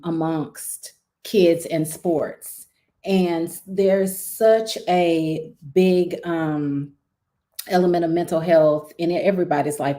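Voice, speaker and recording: A woman, a guest on a talk stream, speaking earnestly and telling a story in a conversational way. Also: lowish voice. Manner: earnest, storytelling, animated when recounting. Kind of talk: conversational discussion.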